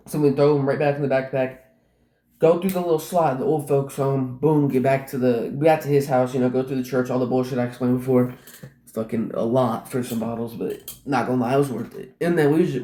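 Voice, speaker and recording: A man's voice: mid-range voice, dark tone. A man telling a personal story in casual, rambling speech, packed with "like" and swearing. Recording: roomy echo.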